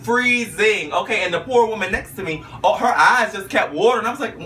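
A man telling a story in a vlog with flamboyant, sassy flair, peppering his talk with "okay?" and "honey" and jumping into high squeals for his own quotes. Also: a little fast, sharp tone, distant mic, slight background noise. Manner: jumps into high squeals when quoting himself. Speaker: vlogger recounting a talk show visit.

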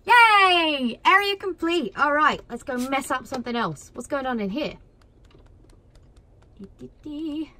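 Excitable woman gamer, high and lively. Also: measured pace. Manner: excitable, shouts and cheers at the game. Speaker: gaming video creator. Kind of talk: let's play commentary.

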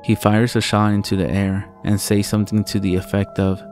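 A man narrating a first-person horror story in a slow, deliberate, profane way. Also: fairly low pitch, little pitch movement, a little mellow, faint music behind.

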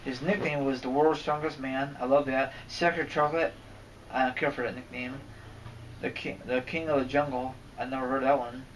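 A man's voice: medium pitch, little pitch movement, normal speed. A man giving a rambling, casual rant as a wrestling fan vlogger, cursing and getting irritated as he goes. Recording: distant mic, faint background noise.

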